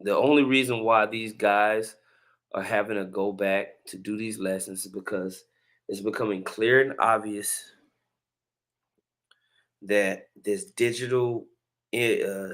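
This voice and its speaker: A man's voice: lowish voice, a bit bright. A man hosting a casual religious commentary, chatty and preachy, with chuckling asides between clips.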